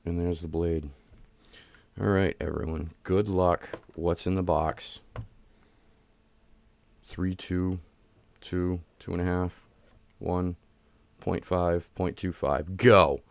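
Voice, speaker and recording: A man's voice: deep voice, little pitch movement, takes it slowly, creaky, pauses often, lo-fi sound. Chatty man hosting a card break. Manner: chatty, rambling, hypes up the pulls. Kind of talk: casual live-stream card break chatter.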